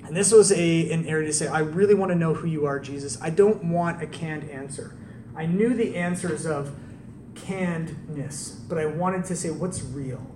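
Male preacher, conversational and animated, recorded from a distance with faint background noise. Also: fairly high pitch, moderate pace, roomy sound. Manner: conversational, animated storytelling with rhetorical questions. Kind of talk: sermon.

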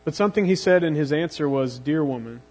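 Preaching a sermon as a youth pastor, a man retells the story dramatically, slowing way down on phrases he wants to land. His voice is a little mellow and sits slightly higher than most men's.

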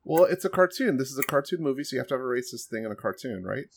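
A man co-hosting a casual podcast, summarizing the plot with sarcastic, deadpan jokes. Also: medium pitch, rapid-fire, creaky, husky. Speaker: podcast co-host. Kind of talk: casual chat.

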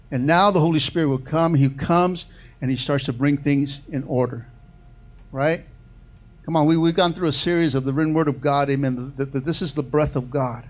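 Male pastor, sermon delivery, higher-pitched, call-and-response, big swings in volume and pace. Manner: preaching with call-and-response, repeated "amen" and "come on"; swings from loud and fast to soft and slow.

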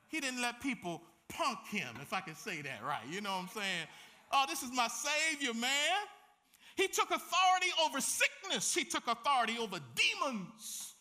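A man preaching a sermon in a very high, bright, ringing voice. His pitch leaps around as he acts out scenes and drops into casual slang. His delivery swings between big, loud declarations and hushed, quiet lines. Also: sing-song, normal speed. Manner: dramatic, acts out scenes with slang and shifting loudness.

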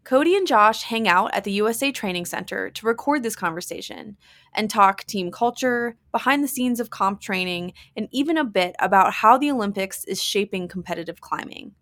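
A woman's voice: medium pitch, moderate pace, no echo, clean studio sound. Woman reading a polished podcast intro. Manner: smooth, even, polished read. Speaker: podcast host and ad reader. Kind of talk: scripted narration.

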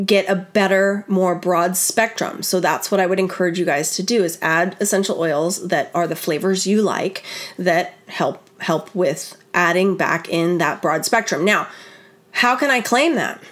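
A middle-aged woman hosting a podcast, talking in a chatty, animated way and often turning to her listeners. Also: medium pitch. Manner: chatty, animated, many "like" and "you guys". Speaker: podcast host. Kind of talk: casual chat.

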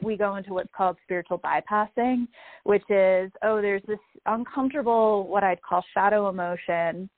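A woman calmly explaining ideas about emotions and mindfulness in a reflective, gentle manner. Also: mid-range voice, no room sound. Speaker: guest speaker. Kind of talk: spiritual wellness talk. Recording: tinny phone-line audio, dry.

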